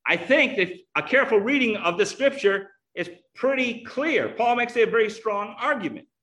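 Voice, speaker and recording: Bright-voiced man preaching a sermon. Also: sits high, animated, normal speed. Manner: earnest, teaching.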